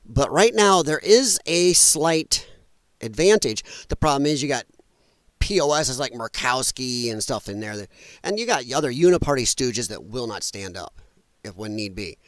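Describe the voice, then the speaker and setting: A man's voice: mid-range voice, expressive, normal speed, no echo. A man hosting a livestream, ranting angrily and bluntly with some profanity while working at his computer. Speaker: livestream host. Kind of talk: heated political livestream rant.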